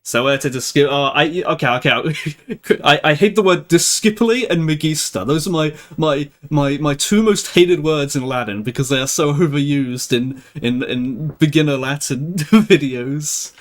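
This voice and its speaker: A young man with a fairly high voice hosts a live stream at a measured pace, chatting casually with his viewers. He laughs often and restarts his sentences.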